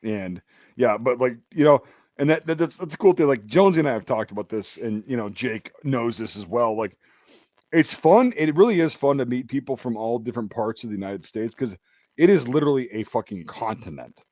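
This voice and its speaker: A man's voice: mid-range voice, expressive, fairly quick, a little mellow, dry recording, highs cut off. A man hosting a casual chat, telling rambling stories full of swearing and laughing as he talks. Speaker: podcast host.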